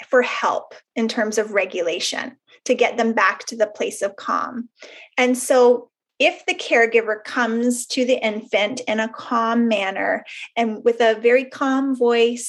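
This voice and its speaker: A woman counsellor explaining a concept in a webinar, in an explanatory way with fillers and everyday examples. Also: a little high. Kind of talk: webinar presentation.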